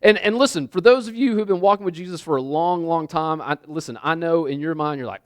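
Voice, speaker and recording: A man's voice: fairly high pitch, fairly quick, no echo, studio quality. A man preaching a sermon in a loose, conversational way, repeating phrases and checking in with his listeners. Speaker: pastor.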